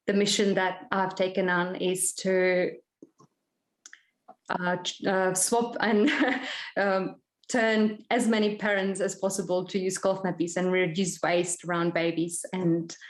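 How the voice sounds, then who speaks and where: A woman from Prague with a Czech accent giving a halting, emotional acceptance speech full of fillers and nervous laughter over a video call. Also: on the low side. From Czech Republic. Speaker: award winner. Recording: echoey room.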